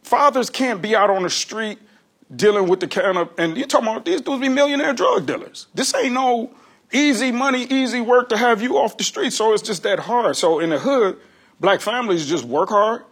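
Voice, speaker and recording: A male comedian, a guest on an interview show, telling stories in an animated, slangy way and laughing often. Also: high voice, moderate pace, slightly rough. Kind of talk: casual interview storytelling.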